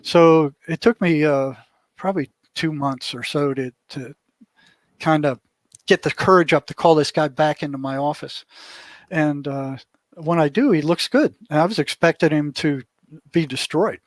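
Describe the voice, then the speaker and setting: An older man with a voice a little higher than most men's tells a story to an interviewer, acting out what people said along the way. The sound is dry and close, with no room around it. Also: normal speed, no echo. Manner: vivid storyteller who acts out what people said. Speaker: interview guest, former prison mental health worker.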